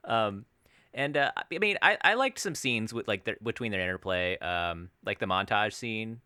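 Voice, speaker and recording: A young man chatting casually on a movie review podcast, his pitch swinging widely. His voice is bright and smooth, recorded dry and close. He laughs often and curses with ease. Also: normal speed, dry recording. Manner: animated, laughing, swears freely. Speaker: podcast co-host. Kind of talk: casual chat.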